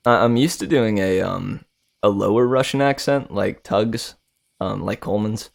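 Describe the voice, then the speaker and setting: A male streamer and voice actor chatting casually with viewers, relaxed and slangy, laughing often. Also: fairly low pitch, unhurried, gravelly.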